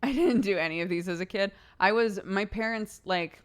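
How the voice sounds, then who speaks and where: A woman's voice: mid-range voice, moderate pace. A woman streamer chatting casually and playfully on a livestream, laughing often as she tries out tongue twisters.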